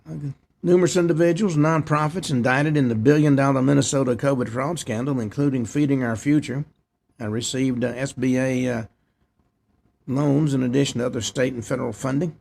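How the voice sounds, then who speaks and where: A man's voice: mid-range voice, steady tone, brisk, vocal fry, a little mellow. A man hosting a talk show, reading news headlines and adding short opinionated asides. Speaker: host. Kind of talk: news commentary.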